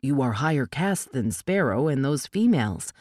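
A woman doing a serious male elf escort, formal, courteous, low steady voice, storybook reading. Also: normal speed, no echo, clean studio sound, heavily acted. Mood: earnest.

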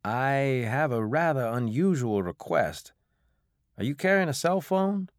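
A man voicing a cagey middle-aged family man who speaks briskly and evasively. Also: medium pitch, lively intonation, no room sound, studio quality, voice pushed up, close to an everyday voice.

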